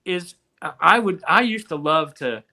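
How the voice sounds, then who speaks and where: A man's voice: on the high side, expressive, normal speed, pushed and bright. A man talking as a guest guitarist in a casual chat, easygoing and laid-back, often dropping "man".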